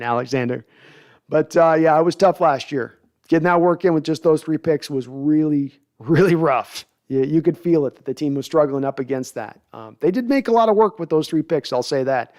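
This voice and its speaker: A man with a somewhat high-pitched voice hosts a podcast, reading out viewer comments and answering them in a loose, casual way. He rambles, restarting his sentences often. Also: animated, a little fast, darkish tone. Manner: rambling, with frequent restarts and fillers. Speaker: podcast host.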